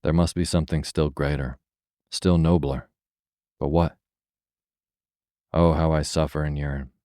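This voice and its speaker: A restless young fir tree, voiced by a man, longs to leave the forest in a bedtime storybook. It asks eager, yearning questions in a very deep voice. The tone stays dark and mellow, and the recording is dry. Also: fairly even intonation, a little slow, no echo.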